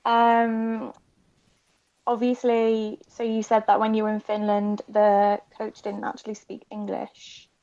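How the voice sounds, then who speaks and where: A woman's voice: medium pitch, monotone, slow, dark tone, no room sound, dull audio. A woman co-hosting a casual podcast, playful and teasing. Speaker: podcast co-host.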